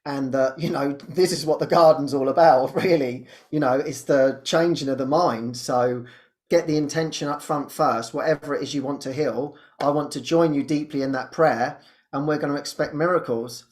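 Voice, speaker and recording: A man who hosts a spiritual show, telling a personal story in a casual, animated way and laughing often. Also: normal speed. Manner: animated storytelling, laughs often, jumps high when quoting. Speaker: spiritual teacher and podcast host.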